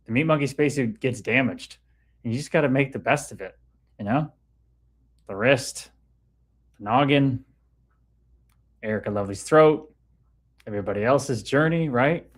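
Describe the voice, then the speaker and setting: A man hosting a livestream in a casual, laid-back way, talking about spirituality and greeting viewers by name as he reads their comments. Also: mid-range voice. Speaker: livestream host.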